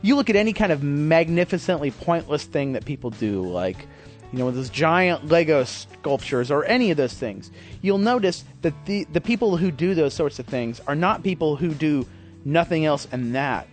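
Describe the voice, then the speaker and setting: A man's voice: on the high side, animated, moderate pace, faint music behind. A man hosting his podcast in a rambling, self-deprecating casual monologue, swearing freely. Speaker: podcast host.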